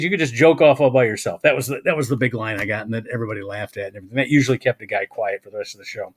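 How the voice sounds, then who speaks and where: A man's voice: medium pitch, racing, hardly any pauses. An older man hosting a casual chat, rambling as he tells old stories and hunts for names. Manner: rambling, gets lost hunting for names. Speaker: host.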